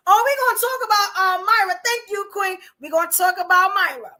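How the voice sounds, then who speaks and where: A woman's voice: very high-pitched, a little fast, few pauses, pushed and bright. A woman hosting a livestream, chatting casually with viewers, full of rhetorical questions and fillers. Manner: chatty, addresses chat viewers directly. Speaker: podcast host.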